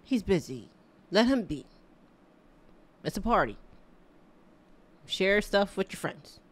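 A woman streamer reacting to memes live in a casual, animated way, exclaiming, swearing often and laughing. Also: medium pitch, slow.

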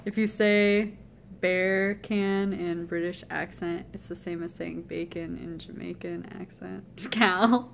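A woman's voice: fairly low pitch, steady tone, a little slow, gravelly, few pauses, slight background noise. A woman streamer chatting casually with friends, giggling often. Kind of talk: casual chat.

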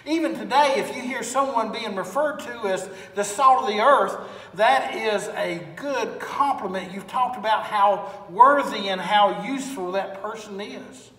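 A man's voice: high-pitched, measured pace, pushed and bright. A male pastor preaching a sermon in a church with folksy storytelling and strings of rhetorical questions. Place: church sanctuary. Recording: echoey hall, far from mic.

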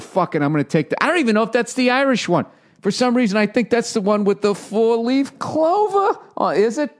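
American man in his forties, podcast host, rambling profane comedic monologue, high-pitched mocking asides, fairly high voice. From United States. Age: 40s.

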